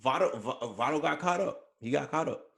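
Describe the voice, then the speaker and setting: A man's voice: on the high side, animated, a little fast, vocal fry. A man co-hosting a podcast, chatting casually about celebrity news with frequent fillers and self-corrections. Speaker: podcast co-host. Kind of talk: casual pop culture chat.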